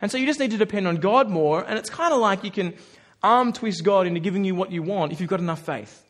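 A man preaching a sermon, animated and conversational, often acting out the voices of the people he quotes. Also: high voice, fast.

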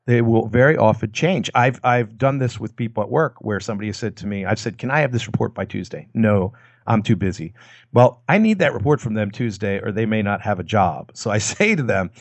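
A man's voice: lively intonation, a little fast, no echo. A man explaining communication techniques in a conversational talk, acting out short quoted lines as examples. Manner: demonstrates lines with acted quotes and lowered voice. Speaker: guest expert on persuasion.

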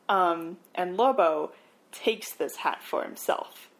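A woman podcast co-host retelling a film plot in a casual, animated way, with wry asides. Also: on the low side, takes it slowly. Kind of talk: casual movie recap.

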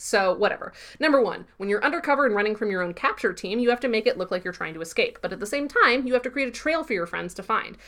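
A woman's voice: medium pitch, expressive, fast, few pauses, a bit bright. A woman co-hosting a podcast, chatting casually as she recaps a TV episode with a lot of "like". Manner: rambling recap, heavy use of "like". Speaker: podcast co-host.

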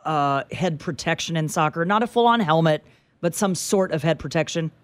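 A woman's voice: deep voice, moderate pace, no room sound. A woman co-hosting a talk radio show, chatting in a playful, laughing way. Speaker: radio co-host. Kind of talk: casual talk radio banter.

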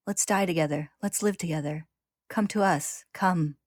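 A woman's voice: on the low side, normal speed, dry recording, clean studio sound, lightly acted. A woman voicing a cruel, taunting shapeshifting monster.

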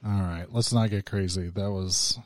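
A man's voice: deep voice, steady tone, normal speed, over a noisy crowd. A man co-hosting a podcast, blunt and grumbling, swearing freely in casual chat. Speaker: podcast co-host.

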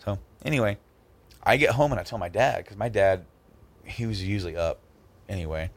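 On a casual podcast, a man with a lowish voice tells a story at a fairly quick clip. He's animated and acts out the people in it.

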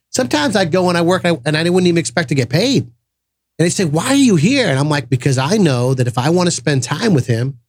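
A man's voice: on the high side, breathy edge, no room sound, clean studio sound. A middle-aged man from Massachusetts telling personal stories in a casual podcast chat, acting out the voices of people he quotes. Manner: animated, acts out quoted voices. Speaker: podcast guest. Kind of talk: casual storytelling conversation.

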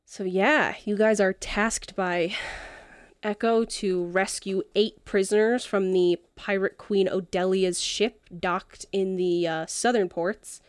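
A woman's voice: mid-range voice, steady tone, takes it slowly, clear, resonant tone, no room sound, clean studio sound. A woman narrating as game master in a casual, loose tabletop session. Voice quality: casual, filler-heavy narration.

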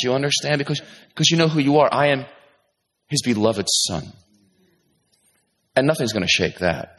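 A middle-aged man preaching a sermon with animated delivery, moving from loud, high emphasis to low, quiet asides as he acts out his listeners' thoughts. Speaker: pastor.

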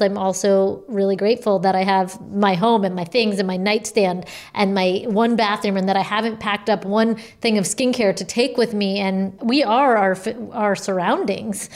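A woman's voice: mid-range voice, a little mellow. A young woman who recently had a baby, hosting a podcast and chatting in an encouraging way. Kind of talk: casual chat.

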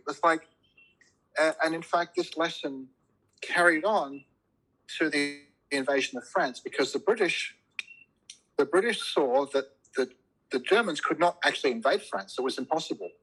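A man with a bright, forward tone and a husky edge to his voice talks in loose podcast chat. He rambles with frequent restarts and swears freely when he gets worked up, arguing his point with strong opinions. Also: fairly high pitch, moderate pace, rough recording. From immigrant to a Commonwealth country.

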